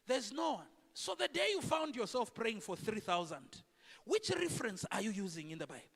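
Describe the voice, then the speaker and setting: A man preaching a sermon in a church, animated and full of rhetorical questions to the congregation. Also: high-pitched, normal speed, vocal fry, slightly rough. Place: church sanctuary. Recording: echoey church hall.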